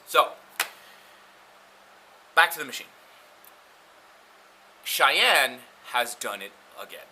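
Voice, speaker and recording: A tattoo artist talking casually to camera, blunt and profane, going off on little rants. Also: male voice, medium pitch, expressive, extremely slow, pauses often, bright, forceful tone, slight background noise, poor audio. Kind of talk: casual talk to camera about gear.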